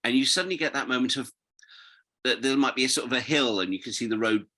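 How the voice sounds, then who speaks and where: Rambling British man, bright voice. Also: medium pitch, quick pace. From Britain. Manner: rambling, animated storyteller, goes off on tangents. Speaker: guest. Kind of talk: casual interview chat.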